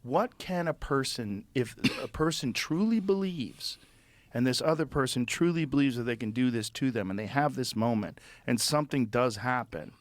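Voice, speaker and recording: A man's voice: medium pitch, lively intonation, normal speed, no echo. A man in casual conversation, reflecting aloud and asking big questions. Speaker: comedy club owner. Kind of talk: casual chat.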